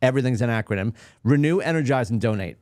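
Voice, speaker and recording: A man's voice: medium pitch, expressive, a little mellow, dry recording, clean studio sound. Joking man hosting a morning livestream. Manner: joking, self-deprecating, quick asides. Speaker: host of morning office livestream. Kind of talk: casual chat.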